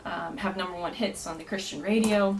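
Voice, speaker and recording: A woman's voice: medium pitch, steady tone, brisk, slight background noise, rough recording. A woman guest on a podcast, telling her story earnestly with many fillers and frequent laughter. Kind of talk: casual storytelling.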